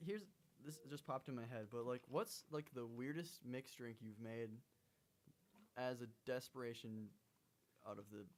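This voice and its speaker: A young man co-hosting a casual podcast, a little hoarse, laid-back and joking. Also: mid-range voice, normal speed, a little hiss or hum. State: hoarse, frog in throat. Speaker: podcast co-host. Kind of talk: casual chat.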